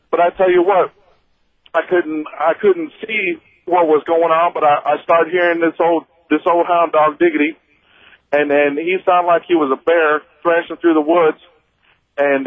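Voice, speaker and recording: A man from Missouri calls a talk radio show over a tinny phone line, his voice pitched a little high. He tells his story haltingly, stumbling into restarts and fillers, close to the mouthpiece with no room sound. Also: no echo. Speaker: radio caller. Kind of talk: telling a personal story on a call-in show.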